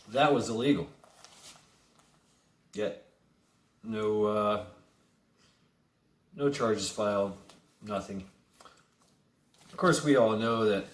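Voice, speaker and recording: A man ranting in a casual monologue, swearing freely, repeating words as he stammers, and adding sarcastic chuckling asides. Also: fairly low pitch. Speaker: vlogger. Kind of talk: profane casual monologue rant. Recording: echoey room.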